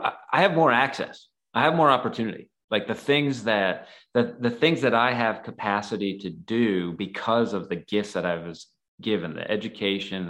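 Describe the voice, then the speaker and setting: Earnest man with a lowish voice, telling stories casually and rambling with fillers. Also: fairly bright tone. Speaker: guest, photographer and nonprofit founder. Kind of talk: casual storytelling.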